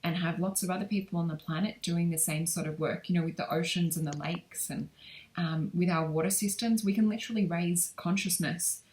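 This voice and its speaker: A woman's voice: on the low side, brisk, a little mellow. A woman guest, a life coach, agreeing and reflecting in a casual spiritual conversation.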